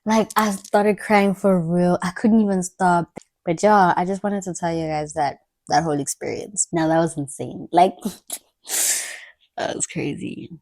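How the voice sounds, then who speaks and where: A woman's voice: fairly low pitch, fairly even intonation, moderate pace, creaky, a little mellow. A young woman, talking candidly and in slang as she tells stories in a casual diary vlog. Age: young adult. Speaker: vlogger.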